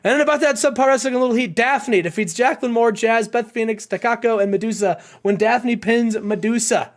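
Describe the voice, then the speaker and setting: A man's voice: very high-pitched, brisk. A man hosting a playful game commentary, chatting and retelling scenes with laughs. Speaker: gaming channel host.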